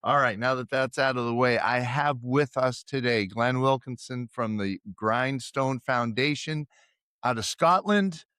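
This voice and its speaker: A middle-aged man from the United States hosting a casual podcast interview, chatty and quick to laugh. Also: medium pitch, bright, forceful tone, clear, resonant tone, no echo, clean studio sound. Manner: chatty, laughs easily, stumbles over apologies. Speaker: podcast host.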